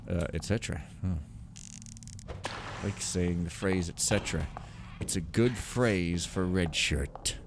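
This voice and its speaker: A man's voice: deep voice, takes it slowly, noisy background. A man giving casual, rambling commentary over a video game, joking and mocking himself as he plays. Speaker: Let's Play commentator.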